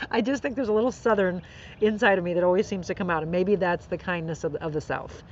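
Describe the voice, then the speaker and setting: A woman's voice: lowish voice, steady tone, quick pace, dull audio. A woman hosting a live inspirational podcast outdoors, talking earnestly and encouragingly about faith and kindness. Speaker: podcast host. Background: birds and faint outdoor noise.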